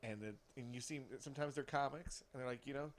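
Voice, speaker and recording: A man who writes for television, talking casually and quietly as a podcast guest and airing a low-key gripe. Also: quick pace, a little hiss or hum. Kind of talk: casual chat.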